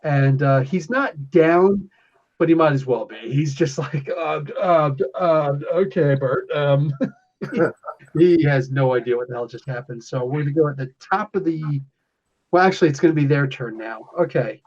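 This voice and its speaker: A man with a medium-pitched, somewhat dark voice runs a tabletop game as game master, speaking at a normal pace. His narration of the action is casual and rambling, full of restarts. The audio is lo-fi podcast quality.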